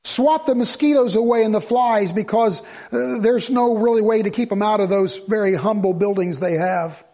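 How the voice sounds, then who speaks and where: A man preaching a sermon as the pastor, swinging from loud exhortation to low, earnest asides. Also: normal speed.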